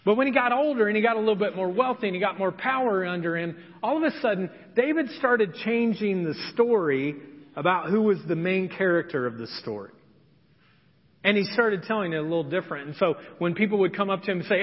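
A man's voice: sits high, animated, a little fast. A male pastor preaching a sermon in an earnest storytelling manner. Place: church sanctuary. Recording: reverberant church hall, dull sound.

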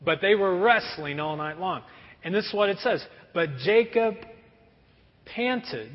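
A pastor preaching a sermon in a conversational, animated way. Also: male voice, high-pitched, moderate pace. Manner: animated, conversational, acts out prayers. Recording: dull recording with long hall reverb.

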